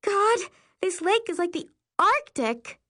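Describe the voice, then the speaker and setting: A woman voicing a grumpy young girl camper who whines and grumbles in a shrill voice. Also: very animated, takes it slowly, a bit bright, full character voice. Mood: grumbling.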